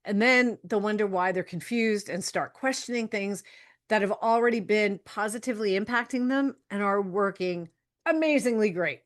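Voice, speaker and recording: A woman's voice: mid-range voice, normal speed. Frank, chatty woman podcaster. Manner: chatty, frank, laughs often, swears casually. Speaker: podcast host and health coach. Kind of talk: solo podcast monologue.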